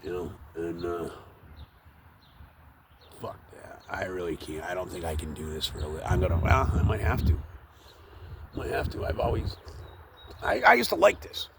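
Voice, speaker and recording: Gravelly, profane man rambling outdoors. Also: deep voice, normal speed, pauses often, noisy background. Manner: rambling, profane, with many fillers. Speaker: tree worker vlogging. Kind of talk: casual rambling monologue. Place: outdoors, up in a tree.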